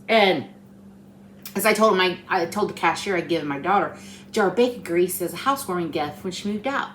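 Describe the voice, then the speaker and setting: A woman's voice: lowish voice, lively intonation, fast talker. Middle-aged woman, talkative home-cooking host, worn out, roomy kitchen sound with a faint hum behind. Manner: rambling, storytelling, talkative. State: tired. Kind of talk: chatty home cooking vlog.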